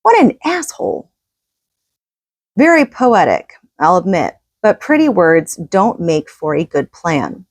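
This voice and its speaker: Woman reader-commentator, low-ish voice, conversational, opinionated, dry sound. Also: very animated, measured pace, few pauses, no echo. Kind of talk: casual commentary on a book reading.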